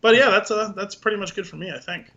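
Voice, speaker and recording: A man co-hosting a podcast in casual chat, animated and acting out movie scenes in funny voices. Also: high voice, fast, dull audio. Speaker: podcast co-host.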